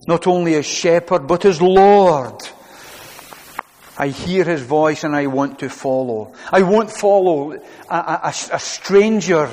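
A man's voice: high voice, a little mellow, big-room sound. A man preaching a sermon to his congregation, earnest and repeating his phrases as he goes. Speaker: pastor.

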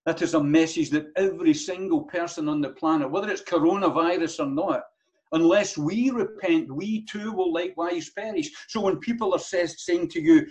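A man's voice: on the high side, normal speed, darkish tone. A man preaching a sermon as pastor, earnest, with many rhetorical questions and repeated phrases. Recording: dull lo-fi sound.

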